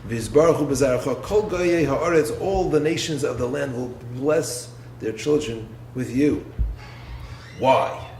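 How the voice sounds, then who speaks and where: A man, a rabbi, giving a Torah lecture in an expressive way, posing rhetorical questions and swinging from low, quiet phrases to raised ones. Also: slow. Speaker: rabbi and yeshiva head. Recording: roomy echo with faint background noise.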